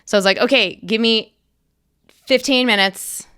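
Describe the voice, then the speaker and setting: A middle-aged woman, an actress, chatting as an interview guest and telling animated stories with lively quoted bursts. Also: on the high side, moderate pace, clear, resonant tone, no echo, studio quality. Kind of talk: casual interview chat.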